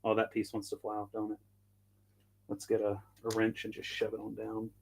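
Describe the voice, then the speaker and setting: A man's voice: on the low side, completely flat delivery, fairly quick, creaky, a little mellow, slight background noise. A man hosting a casual live product demo, chatting and thinking aloud while he tinkers, with self-deprecating asides. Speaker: host.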